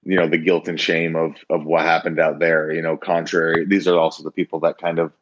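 A man's voice: extremely low pitch, level tone, a little fast, slight background noise. A man co-hosting a casual talk about addiction recovery, hesitant and rambling, with many restarts. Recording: dull lo-fi sound.

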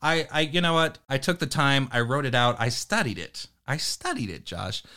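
A man's voice: mid-range voice, very animated, moderate pace, pushed and bright. A young adult man hosting a podcast in casual chat, joking, swearing and laughing often. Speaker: podcast host.

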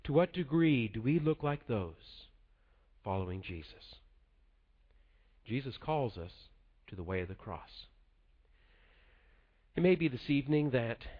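A man's voice: medium pitch, animated. Earnest male preacher, lo-fi sound. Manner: measured, earnest delivery dropping soft at the close. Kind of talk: sermon. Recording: dull lo-fi sound.

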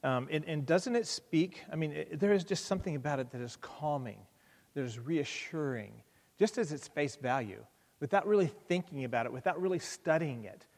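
A man preaching a sermon and leading a prayer, earnest, with frequent fillers and restarts, growing louder on key points. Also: fairly high pitch, lively intonation, normal speed, in a large hall. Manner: earnest, repeats words, many fillers and restarts. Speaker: pastor.

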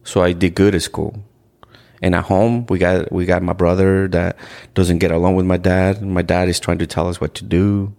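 Deep gravelly man. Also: little pitch movement, dark tone. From Ecuador. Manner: earnest, halting, with repeated restarts and "like". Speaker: podcast guest. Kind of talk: candid storytelling in conversation.

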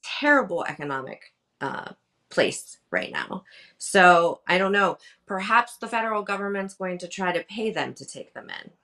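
A woman's voice: lowish voice, big pitch swings, moderate pace, bright, forceful tone. A woman guest commentator giving wry, sarcastic political remarks.

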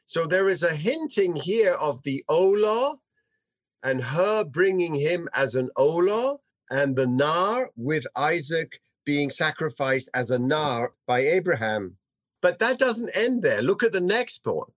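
Male Bible teacher, high voice, slow deliberate delivery, dramatic reading of verses. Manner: animated, dramatic, reads and translates verses. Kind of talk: text study lecture.

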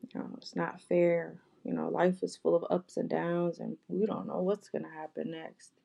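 Addressing her viewers directly, a soft-spoken woman vlogger apologizes sincerely and tries to comfort them, often restarting and repeating herself. Her voice is low, husky, and gravelly, the tone dark, mellow, and level, at a normal speed.

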